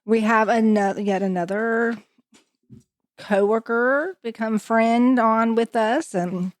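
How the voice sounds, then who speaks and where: Slow-talking woman podcast host. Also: on the high side, dry recording. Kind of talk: casual chat.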